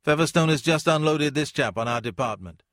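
A man's voice: a little high, fairly quick, a bit bright, pitched above the performer's own voice, close to an everyday voice. A brusque, unsmiling department head who demands answers, as a male narrator reads him. The voice is dry and close, with no room echo, in an audiobook reading.

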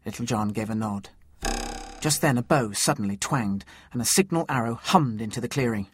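Man, storybook narrator, husky, measured, mid pitch. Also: no room sound.

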